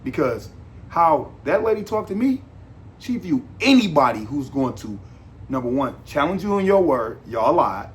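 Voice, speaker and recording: A man's voice: on the high side, big pitch swings, normal speed, a little hiss or hum. A man hosting a podcast, delivering a casual monologue in an emphatic, repetitive, rambling way. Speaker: podcast host.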